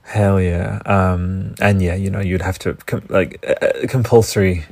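A man's voice: low-pitched, flat delivery, a little slow, vocal fry, a little mellow, dry recording. An Australian man hosting a solo podcast, rambling enthusiastically and swearing often. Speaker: podcast host. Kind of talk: casual solo podcast riffing.

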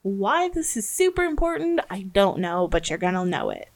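A woman's voice: medium pitch, very animated, moderate pace. Giggly American woman podcast co-host. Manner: giggly, stumbles while reading aloud. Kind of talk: casual podcast chat.

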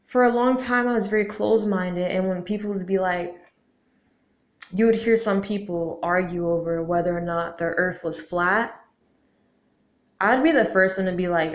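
A young woman vlogs casually to camera in a mid-range voice at normal speed, slangy and full of questions, saying "like" often and cursing now and then. The recording has a roomy echo.

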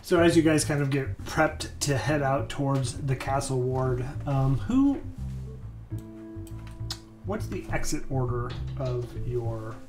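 A game master runs an online tabletop game in a relaxed way, pointing out places on a map. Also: mid-range voice, takes it slowly, music in the background.

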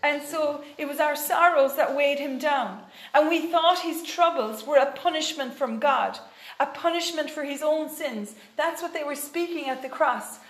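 High-voiced woman preaching in an echoey room. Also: normal speed. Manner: earnest, with many fillers and restarts. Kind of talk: sermon.

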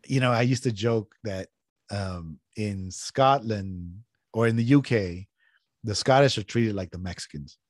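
A middle-aged man from California chatting casually as a podcast host, telling stories with big swings in pitch and cursing when annoyed. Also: unhurried, dry recording, clean studio sound. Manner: animated storyteller, swears freely, jumps in pitch when riled up. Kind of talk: casual chat.

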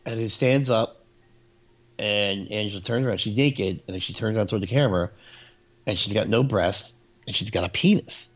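A man's voice: fairly low pitch, moderate pace, faint music behind. A man in casual chat who tells stories animatedly and acts out what people said, on a dull lo-fi recording. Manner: animated storyteller, acts out quotes.

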